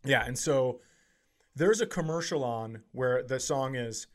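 A man co-hosting a comedy podcast, blunt and joking in casual chat. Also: medium pitch. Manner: blunt, joking, quick to swear. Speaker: podcast co-host.

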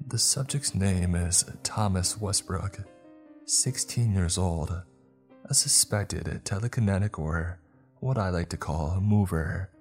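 A man voicing a cold, menacing young man who questions a captive in a slow low drawl. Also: a little mellow, soft background music. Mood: clinical.

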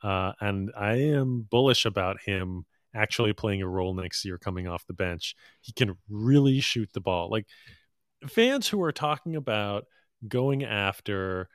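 Male co-host, slightly low pitch, dry booth sound, relaxed and opinionated. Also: measured pace, dry recording. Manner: easygoing, opinionated, with fillers. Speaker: podcast co-host. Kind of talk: casual basketball chat.

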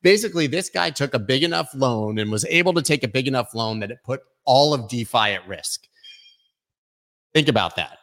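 A man's voice: medium pitch, lively intonation, moderate pace, fairly bright tone. Chatty opinionated man hosting crypto news. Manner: chatty, opinionated, lots of fillers and asides. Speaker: crypto news show host. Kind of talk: casual news commentary. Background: construction noise.

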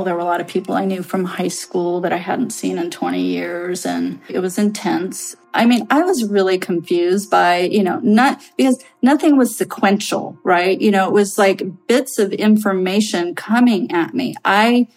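A woman's voice: lowish voice, moderate pace, creaky, hardly any pauses, darkish tone, faint music behind, poor audio. A woman in her late thirties telling a personal story as a podcast guest, earnest and rambling, with many fillers and restarts.

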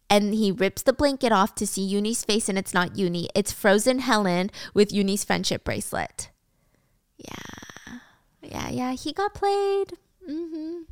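A young woman hosting a casual show, recapping a drama with animated storytelling. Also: mid-range voice, clear, resonant tone, dry recording, clean studio sound. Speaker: host.

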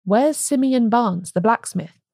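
An outspoken, stubborn village cobbler growls his blunt verdicts, read by a woman. The voice is dark and gravelly, recorded close and dry. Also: on the high side, animated, a little slow, no room sound, voice pushed up, full character voice. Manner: blunt, obstinate, muttering.

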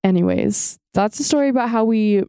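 A young woman co-hosting a podcast, telling stories in a casual, animated way and acting out the quotes. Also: medium pitch, brisk, clear, resonant tone, dry recording. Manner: animated storytelling, acts out quotes. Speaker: podcast co-host. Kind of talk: casual chat.

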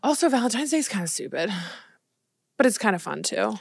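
A woman co-hosting a podcast, talking in a relaxed, reflective way with lots of fillers. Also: mid-range voice, fairly quick, vocal fry, no echo, studio quality. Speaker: podcast co-host. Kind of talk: casual chat.

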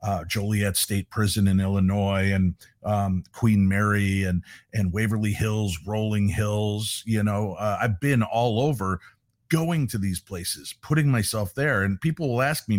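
A man's voice: on the low side, normal speed, no room sound, clean studio sound. A middle-aged man, a paranormal investigator, telling stories in a casual interview and animatedly acting out the voices he quotes. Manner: animated storyteller who acts out quoted voices.

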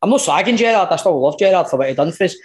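A man with a Scottish accent, co-hosting a casual football podcast, talking bluntly with swearing and animated asides. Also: high-pitched, very fast. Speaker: podcast co-host.

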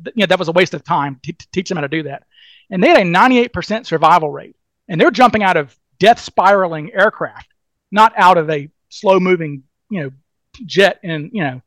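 High-voiced Southern man telling a story. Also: no echo. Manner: retells a story acting out voices, with fillers and restarts. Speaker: podcast guest, DB Cooper researcher. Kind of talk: animated storytelling in casual interview.

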